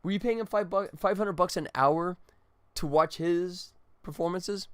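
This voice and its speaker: A man's voice: sits high, unhurried, clean tone, dry recording. A tired middle-aged man, a game developer, chatting casually and ramblingly on a livestream. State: exhausted.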